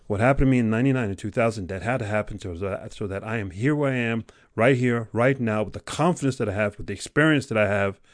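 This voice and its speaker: A man hosting a motivational podcast, speaking intensely, alternating between loud exhortation and hushed, close delivery. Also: on the low side, fast, few pauses, no echo. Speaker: podcast host. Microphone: podcast microphone.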